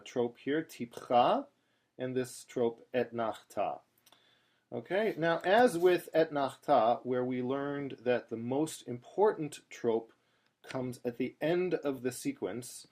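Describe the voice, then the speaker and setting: A male cantor with a mid-range, slightly mellow voice gives a patient screen-share lesson on Torah chanting. He explains each step and sings short chanted examples.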